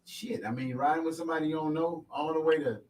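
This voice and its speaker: A man's voice: on the high side, fairly even intonation, fast talker. A man co-hosting a podcast in a casual, laid-back way, chiming in with encouragement. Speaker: podcast host. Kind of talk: casual chat. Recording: far from the mic with noise.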